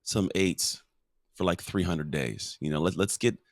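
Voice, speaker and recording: Male guest speaker, very low voice, earnest storyteller, dry close recording. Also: animated, moderate pace, no echo. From United States. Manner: earnest, explains with stories and metaphors. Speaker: podcast guest, motivational speaker. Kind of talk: casual conversational interview.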